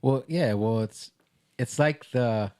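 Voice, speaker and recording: A man's voice: mid-range voice, slow, warm tone. A man in a casual podcast discussion who speaks reflectively and makes his points with analogies.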